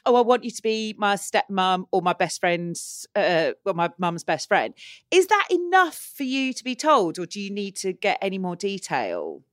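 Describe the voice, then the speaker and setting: Giggly, lively woman podcast host. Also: mid-range voice, normal speed, no room sound, studio quality. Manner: giggly, playful. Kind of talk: casual chat.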